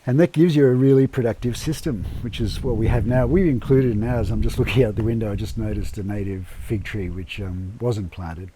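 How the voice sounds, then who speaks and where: A man who runs an eco lodge, talking casually in an interview, relaxed and unhurried with many fillers and restarts, speaking indoors at home. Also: fairly low pitch. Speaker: eco lodge owner and permaculture gardener.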